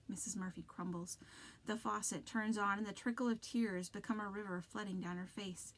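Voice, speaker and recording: A woman teacher giving an expressive read-aloud of a children's novel, with dramatic narration. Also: mid-range voice, moderate pace, low-quality recording.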